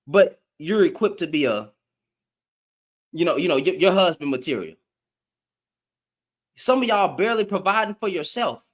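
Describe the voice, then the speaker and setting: A man's voice: high voice, lively intonation, moderate pace, pauses often. A man hosting a live stream, ranting back at commenters in slangy, confrontational talk and repeating lines for emphasis. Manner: addresses commenters directly, slangy.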